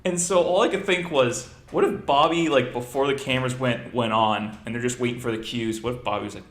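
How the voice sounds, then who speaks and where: A man's voice: medium pitch, a little fast, hardly any pauses, roomy sound. A man hosting a podcast in casual chat, telling stories and joking. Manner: animated storyteller, jokey. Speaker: podcast host.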